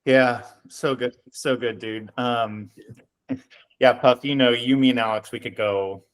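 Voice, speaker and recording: A man co-hosting a video call, moderating in a relaxed, friendly way with many fillers. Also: mid-range voice, slow pace, clear, resonant tone. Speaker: co-host. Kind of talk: casual group call moderation.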